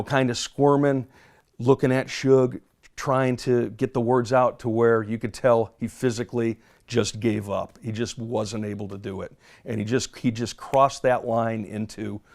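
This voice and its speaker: A man, a former police officer, telling a detailed story in an interview, halting and measured with many fillers. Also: lowish voice, vocal fry, a little mellow.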